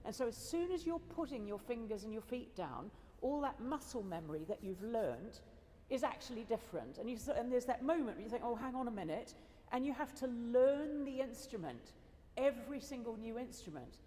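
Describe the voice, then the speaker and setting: In a school hall with a long reverberant tail, a woman organist who served as adjudicator addresses the audience after a competition. Her fairly high, expressive voice moves a little quickly and sounds warm, and she's chatty and enthusiastic, full of laughs and asides.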